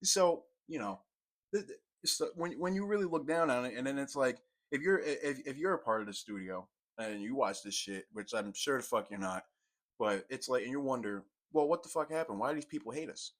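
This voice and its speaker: A young man giving a profane, exasperated commentary rant, swinging from low mutters to loud outbursts. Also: normal speed. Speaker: commentary YouTuber. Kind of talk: ranting commentary.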